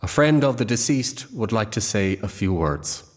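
An actor playing a solemn priest leading a funeral in a formal, ceremonial manner. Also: male voice, on the low side, animated, normal speed, big-room sound.

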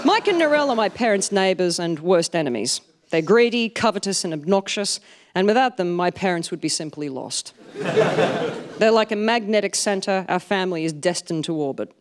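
A woman's voice: on the low side, moderate pace. Dry woman telling comic stories. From Australia. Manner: dry, self-mocking storytelling with deadpan punchlines. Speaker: stand-up comedian. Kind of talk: comic storytelling to a live audience.

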